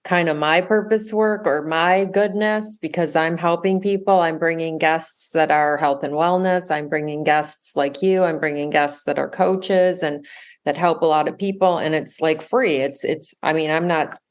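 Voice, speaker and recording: A woman's voice: low-pitched, steady tone, moderate pace. A woman hosting a podcast who talks eagerly and rambles, often restarting her sentences. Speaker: podcast host. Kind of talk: casual chat.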